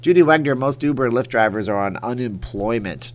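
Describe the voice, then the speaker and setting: A man's voice: on the low side, normal speed, few pauses. Man, livestream host, casual late-night chat, rambling, jokey. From Las Vegas.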